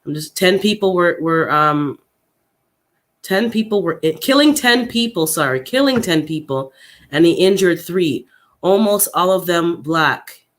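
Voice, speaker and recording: Halting, upset man thinking aloud. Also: sits high, lively intonation. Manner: thinking out loud, halting, repeats words. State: upset and unsettled. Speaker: gardening channel host. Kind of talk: casual livestream chat with viewers.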